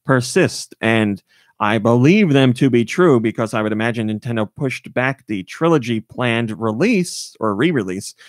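Chatty man with a lively voice. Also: fairly low pitch, no echo, studio quality. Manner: chatty and rambling, with frequent fillers. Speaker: podcast host. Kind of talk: casual chat.

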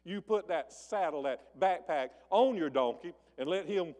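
A man's voice: animated, measured pace, darkish tone, long reverb tail. A man preaching a sermon, telling the story in a folksy way and acting out the voices of the people in it. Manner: folksy storytelling, acting out voices with big swings in pitch and volume. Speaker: pastor. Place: church sanctuary.

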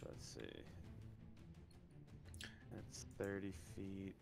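A man with a gravelly, low voice plays a tabletop game, talking slowly in slangy, laid-back banter. Faint music plays behind him. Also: completely flat delivery. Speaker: player. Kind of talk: casual tabletop game play.

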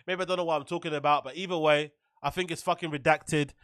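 A man comments on clips during his stream, sarcastic and full of swearing. His voice sits high for a man. The recording is dry and close, with no room echo. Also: steady tone, fast talker, a bit bright. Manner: sarcastic, swearing, laughing often.

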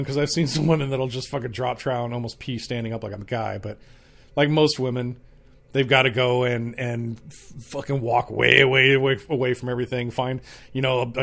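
A man's voice: medium pitch, gravelly, a bit bright. A man hosting a podcast, telling a story in a rambling, profane, laid-back way. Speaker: podcast host. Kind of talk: casual storytelling.

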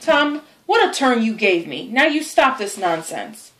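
Brisk no-nonsense aunt scolding a boy, woman reading it, storybook style. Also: a little high, big pitch swings, fairly bright tone. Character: Aunt Polly, stern but soft-hearted older aunt.

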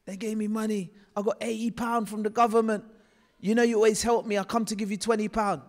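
A man's voice: sits high, flat delivery, fast talker, pitched above the performer's own voice. A man voicing a scruffy homeless neighbour who speaks earnestly and humbly, in a reverberant hall. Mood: eager, grateful. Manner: earnest, pleading.

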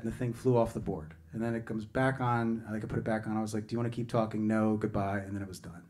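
A man's voice: lowish voice, steady tone, quick pace, hardly any pauses, a little mellow. Guy on stage between songs, rambling story, keeps cutting himself off and joking. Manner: chatty and digressive, self-interrupting, joking. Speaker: singer-songwriter performing live. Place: music venue stage.

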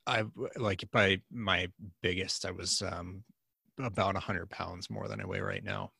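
A man from the Boston area, a podcast guest on a video call, chatting in a relaxed way with self-deprecating humor. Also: low voice, measured pace, gravelly, slightly rough, dry recording, clean studio sound. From Boston area, USA. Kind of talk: casual interview chat.

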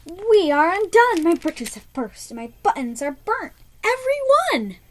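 A woman voicing a panicking old man in a read-aloud storybook, wailing loudly. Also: big pitch swings, normal speed. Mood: distraught. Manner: wailing, loud and shrill.

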